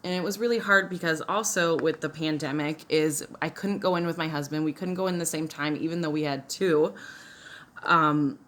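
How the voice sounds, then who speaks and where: A woman's voice: low-pitched, fairly even intonation, normal speed, a bit bright. A young woman vlogging as she does her makeup, telling a personal story in a chatty, emotional way with many fillers and restarts.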